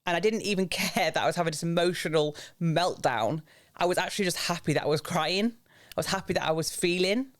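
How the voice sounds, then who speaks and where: A young Englishman in his twenties speaks candidly as a podcast guest, open and reflective, and talks about grief in a low, earnest tone. His voice is a bit bright, and he speaks fairly quickly.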